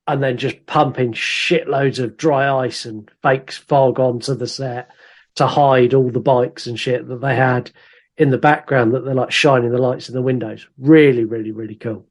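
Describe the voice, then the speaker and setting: A man at a middle pitch talks through a movie on a podcast. He speaks casually and swears freely. He sounds keen as he shares behind-the-scenes facts. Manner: enthusiastic, swears freely, shares film trivia. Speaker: podcast co-host. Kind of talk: casual film review chat.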